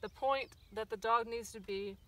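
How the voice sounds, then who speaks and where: A woman's voice: on the high side, moderate pace, bright, forceful tone, far from the mic. A woman stockdog trainer giving a casual outdoor lesson on herding dogs, with lots of ums and acted-out corrections. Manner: casual, many ums, acts out dog corrections. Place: outdoors at a rural field. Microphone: phone camera from a distance.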